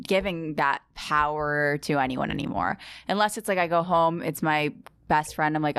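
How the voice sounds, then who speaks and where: A woman's voice: low-pitched, moderate pace, fairly bright tone, clear, resonant tone, dry recording, clean studio sound. A woman comedian hosting a podcast, talking frankly and encouragingly in casual chat, with casual swearing.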